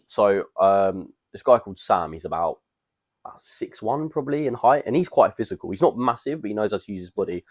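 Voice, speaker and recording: Low-voiced lad telling stories. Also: male voice, fairly quick, no echo, clean studio sound. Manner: rambling, animated, slangy storytelling. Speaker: podcast co-host. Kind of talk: casual storytelling chat.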